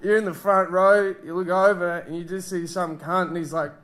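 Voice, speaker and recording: A man's voice: sits high, flat delivery, moderate pace, a bit bright. A young Australian man doing a loose, crude stand-up set, often laughing at his own jokes. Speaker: stand-up comedian. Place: live comedy club stage.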